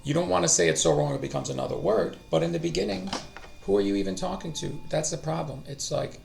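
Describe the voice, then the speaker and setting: A man's voice: fairly high pitch, quick pace, creaky, darkish tone, soft background music. A middle-aged man hosting a language-learning stream, talking casually and thinking aloud, often trailing off and restarting. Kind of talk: casual live-stream talk.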